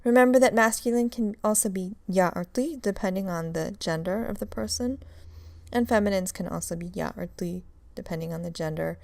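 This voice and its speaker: A woman's voice: mid-range voice, fairly quick, creaky, a little mellow, dry recording. A woman teaching a recorded grammar lecture, explaining step by step and drilling examples. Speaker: Russian language teacher.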